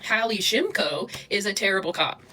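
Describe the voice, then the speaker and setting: A young woman livestreaming, talking fast and agitated, swearing and replying to chat comments. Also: mid-range voice, animated, sharp tone, a little hiss or hum. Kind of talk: livestream rant.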